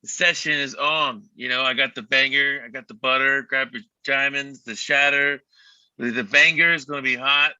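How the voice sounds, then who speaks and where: A man's voice: medium pitch, steady tone, moderate pace, sharp tone, no room sound. A man in a band, chatting casually and telling rambling stories on a livestream. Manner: laid-back, rambling storyteller. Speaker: band member. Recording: dull lo-fi dry sound.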